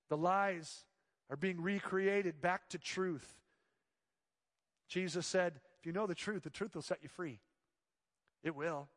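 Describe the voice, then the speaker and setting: A man preaching a sermon as pastor, swinging between loud emphatic lines and hushed soft ones. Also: high voice, unhurried, long reverb tail.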